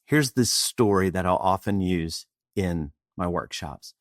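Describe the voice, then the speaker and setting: Middle-aged male coach from Texas, animated storyteller with a deep, dry voice. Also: measured pace, no room sound. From Austin, Texas. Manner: animated, acts out dialogue. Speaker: guest, presentation coach. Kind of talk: storytelling in interview.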